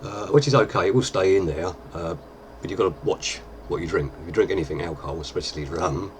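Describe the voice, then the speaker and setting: A deep-voiced man, chatting casually through a makeup tutorial with plenty of fillers. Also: fast talker, slight background noise. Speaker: lookalike performer giving a tutorial.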